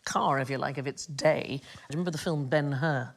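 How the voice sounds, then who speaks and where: A woman hosting a comedy panel show, telling stories in an animated way and laughing often. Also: extremely low pitch, a little fast, noisy background. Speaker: quiz show host.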